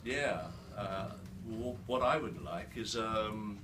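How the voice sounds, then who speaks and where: Older man, slow halting talk, distant. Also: fairly low pitch. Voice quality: slightly slurred from a new denture. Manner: halting, many restarts and fillers. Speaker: guest speaker. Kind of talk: live storytelling talk. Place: event hall with an audience. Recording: distant mic in a noisy room.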